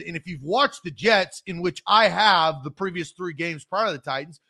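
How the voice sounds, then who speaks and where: A man's voice: high-pitched, bright, forceful tone. A man co-hosting a sports talk show, emphatic and heated, repeating his points. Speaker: podcast co-host.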